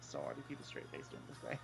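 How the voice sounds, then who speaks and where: A guarded, formal character who keeps their troubles to themselves, voiced by a player in a tabletop role-play. The speech is measured and stiffly precise, with faint music behind it. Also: a little mellow. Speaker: player voicing his character.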